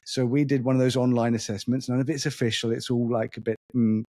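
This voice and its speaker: A man's voice: mid-range voice, fairly even intonation, quick pace, darkish tone, no room sound, studio quality. A man hosting an interview, speaking eagerly and stumbling over repeated words as he restarts. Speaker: podcast host. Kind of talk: casual interview chat.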